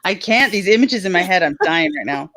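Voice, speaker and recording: Giggly lady on a stream, reads chat out loud, voice bouncing all over, kinda low. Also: animated, a little fast. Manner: giggly, breaks into laughing fits. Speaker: co-host of a livestream chat show. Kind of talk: casual chat, reading viewer comments aloud.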